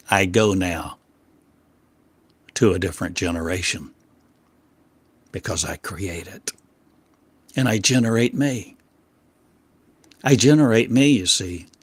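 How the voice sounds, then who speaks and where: A man delivering a channeled sermon as a spiritual teacher, declaiming rhetorical questions in short, broken phrases that swing between loud emphasis and quiet low drops. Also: breathy edge, no room sound.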